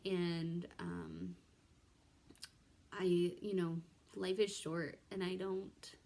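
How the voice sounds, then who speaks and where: A woman's voice: on the low side, little pitch movement, extremely slow, gravelly, dark tone. A young woman vlogger chatting casually to camera, rambling with many ums and restarts. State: pregnant.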